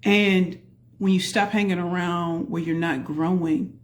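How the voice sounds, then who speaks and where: A woman hosting a casual live stream as a pitch coach, greeting viewers by name and calling out to the audience as y'all. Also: fairly even intonation, measured pace. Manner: folksy, addresses the audience as y'all.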